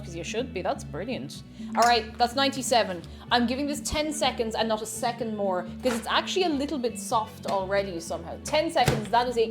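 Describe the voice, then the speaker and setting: A young woman hosting a live baking stream in her home kitchen. She chats casually, reads viewers' messages aloud and hums while she works. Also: mid-range voice. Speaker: livestream host baking. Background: background music.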